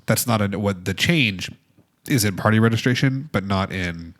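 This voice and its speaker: A man's voice: lowish voice, normal speed, a bit bright. A man co-hosting a podcast who chats casually about politics and quizzes his partner with numbers and facts. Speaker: podcast co-host.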